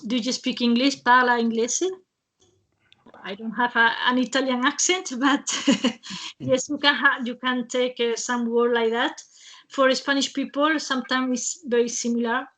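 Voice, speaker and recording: This webinar host runs her online session casually over a video call, with a high, steady, slightly bright voice. She speaks in halting fragments with many fillers and restarts, laughing often between phrases.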